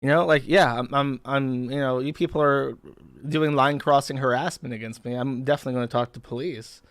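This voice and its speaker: This streamer host has a medium-pitched, steady, slightly bright voice, talks a little fast, and is recorded without echo. In casual live-stream commentary he mocks, swears and reacts with disbelief to a clip and his chat.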